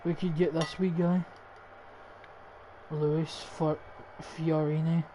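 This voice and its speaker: A man's voice: a little high, flat delivery, slow, mellow, slight background noise, poor audio. A young Scottish man in his late teens, casually commentating on a football game, swearing and thinking aloud as he picks players. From Scotland. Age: young adult. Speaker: gaming YouTuber.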